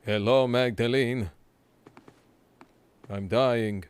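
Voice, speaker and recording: Dying peasant father, a man doing the voice, slow and heavy, smooth tone. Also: mid-range voice. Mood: grave, mournful.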